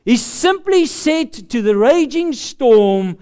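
A man preaching a sermon, slow and emphatic, often dropping to a hushed voice for effect. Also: extremely high pitch, very animated. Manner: slow, emphatic preaching with dramatic drops to a hush.

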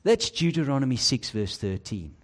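A man preaching a sermon with emphasis and rhetorical questions, dropping low and quiet to stress key phrases. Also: big pitch swings, normal speed.

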